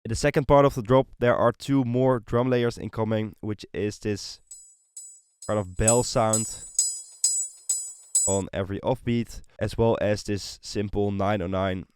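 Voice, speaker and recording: Male tutorial host, low register, easygoing voice-over explaining a DAW session over loud beats. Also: unhurried, soft background music. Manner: relaxed, explanatory, with frequent fillers like "kind of" and "like". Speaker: music production tutor. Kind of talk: screen-recorded production tutorial. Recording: voice over loud synth and drum loops.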